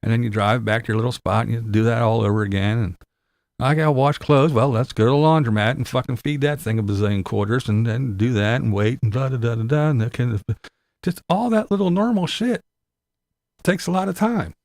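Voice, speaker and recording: A man's voice: mid-range voice, fairly quick, darkish tone, no room sound. A man talking in a rambling, sarcastic, casual way, swearing a lot as he complains. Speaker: vlogger. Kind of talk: casual profane chat.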